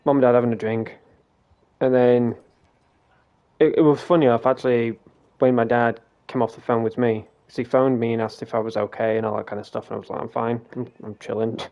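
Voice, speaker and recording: Rambling sweary streamer, lo-fi mic. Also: male voice, medium pitch, steady tone, a little fast. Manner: rambling, swears freely, retells quoted dialogue. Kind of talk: casual storytelling on a game stream.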